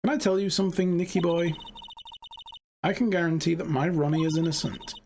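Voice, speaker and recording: A man's voice: a little high, steady tone, brisk, darkish tone, slight background noise, pitched above the performer's own voice, lightly acted. A man doing a cooing, sugary young wife. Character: sweet-talking devoted young wife.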